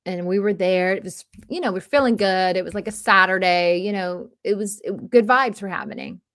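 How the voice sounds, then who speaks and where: A woman in her forties hosts a casual personal monologue, rambling and self-deprecating with many restarts and fillers. Her mid-range voice is fairly bright and at normal speed, recorded dry with studio quality.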